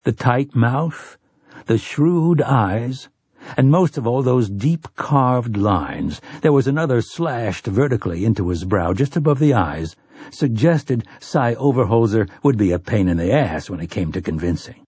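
A man narrating a novel in steady, unhurried audiobook style. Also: mid-range voice, breathy edge, no echo. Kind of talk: scripted narration.

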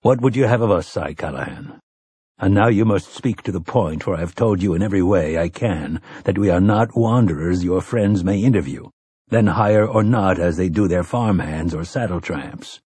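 A man voicing a grim, terse gunslinger who speaks low and stern. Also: moderate pace, a little mellow, slightly rough, no room sound.

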